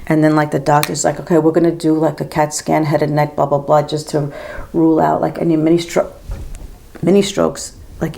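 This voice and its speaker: A woman in her fifties tells a long, rambling story straight to the camera while she does her makeup, leaning on "girl" and "like" the whole way. Her voice sits low with a gravelly fry. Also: mellow. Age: 50s. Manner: gossipy, rambling, says girl and like a lot. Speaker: makeup vlogger and nurse. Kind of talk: casual chatty storytelling while doing makeup.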